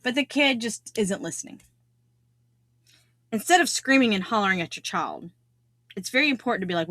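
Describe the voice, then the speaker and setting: A woman's voice: mid-range voice, expressive, a little fast, long pauses, sharp tone, dry recording. Earnest woman podcast host, dry sound. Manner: earnest, repeats key phrases for emphasis. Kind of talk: solo podcast talk on self-improvement.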